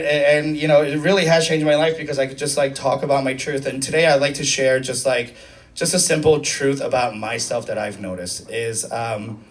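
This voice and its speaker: A man in his thirties doing a chatty, self-mocking stand-up set, jumping into high squealing impressions. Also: distant mic. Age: 30s. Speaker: stand-up comedian. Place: comedy club stage. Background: audience laughter.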